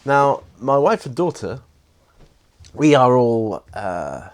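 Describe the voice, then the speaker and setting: A man's voice: mid-range voice, very animated, slow pace. A man, chatting enthusiastically and ramblingly with many fillers in a casual unboxing vlog. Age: 50s. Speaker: hobby vlogger.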